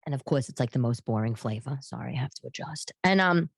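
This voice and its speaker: A woman, hosting a casual chat show and talking in rambling tangents with quick voiced asides. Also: a bass voice, animated, creaky, husky, no echo. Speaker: podcast host and comedian.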